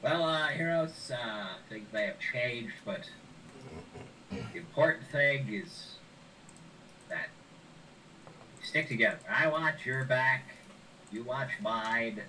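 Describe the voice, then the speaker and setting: A man's voice: medium pitch, expressive, slow pace, pauses often, sharp tone. A man voicing a tiny nerdy male gnome wizard with a nasal voice, in a tabletop game session. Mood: earnest. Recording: distant mic with background noise.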